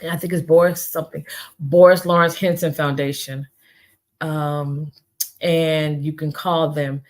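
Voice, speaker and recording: A woman's voice: deep voice, level tone, unhurried. A woman hosting her own podcast alone, talking earnestly and pleading with her listeners, often repeating her pleas. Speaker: podcast host. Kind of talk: heartfelt solo podcast talk.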